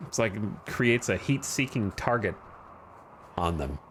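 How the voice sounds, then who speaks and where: A man's voice: fairly low pitch, lively intonation, unhurried, a bit bright, slight background noise. A man streaming a game, giving casual commentary in a wry, rambling, self-deprecating way.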